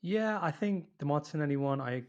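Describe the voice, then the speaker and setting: A man's voice: a little high, lively intonation, fairly quick, clean tone, highs cut off. A young man co-hosting a football podcast, speaking hesitantly with many you-knows and restarts. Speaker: podcast co-host. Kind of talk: casual football chat.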